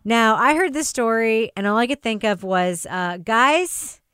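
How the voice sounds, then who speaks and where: A woman's voice: fairly high pitch, lively intonation, unhurried, sharp tone, smooth, no echo, studio quality. A woman hosting a podcast panel, reading a news item wryly and then chatting with her guests. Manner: wry, reads news items then riffs. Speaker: podcast host. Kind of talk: casual panel talk with scripted segments.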